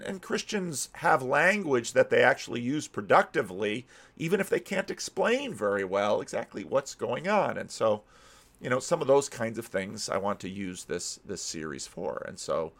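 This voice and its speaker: Man, American, pastor, middle-aged, casual teaching talk, medium pitch, restarts and repeats words. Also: lively intonation, normal speed, vocal fry, fairly bright tone. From United States. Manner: thinking aloud, frequent restarts and repeated words.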